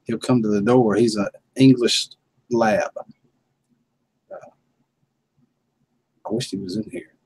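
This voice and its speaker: Husky low-voiced man, laid-back chat. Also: steady tone, takes it slowly, pauses often, darkish tone, low-quality recording. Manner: laid-back, chuckling, tells homey stories. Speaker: livestream host. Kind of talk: casual livestream chat.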